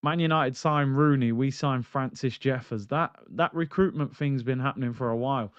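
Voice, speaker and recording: A man's voice: mid-range voice, normal speed, clean tone, no echo, dull audio. A man hosting a live football stream, ranting animatedly and reading out chat comments. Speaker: football channel host. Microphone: streaming mic.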